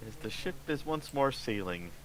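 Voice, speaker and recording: A man running a tabletop game as game master, narrating and speaking for the ship's captain in a lively way. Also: medium pitch, normal speed, slight background noise, poor audio. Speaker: dungeon master.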